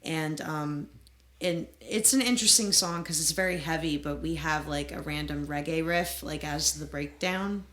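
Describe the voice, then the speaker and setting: A woman's voice: low-pitched, normal speed, a bit bright, poor audio. A woman with a New Jersey accent, a musician guest telling stories in a casual chat, laughing often, recorded in a podcast studio. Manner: chatty storyteller, laughs often.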